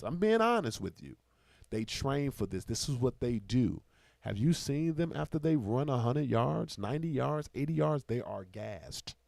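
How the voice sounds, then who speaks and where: A man hosting a podcast from a small studio, talking quickly and with lots of emphasis. His mid-range voice has a gravelly, fried edge. The sound is dry and close on the mic. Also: mid-range voice, no echo. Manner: animated, emphatic, fast-talking. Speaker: podcast host. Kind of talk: casual podcast chat.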